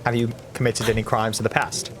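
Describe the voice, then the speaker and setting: A man's voice: lowish voice, little pitch movement, a little fast, noisy background, close to an everyday voice. A man playing a ramrod-straight warrior in a tabletop game, devoted to justice. He speaks in blunt, stiff statements and lectures others about doing good. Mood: stern.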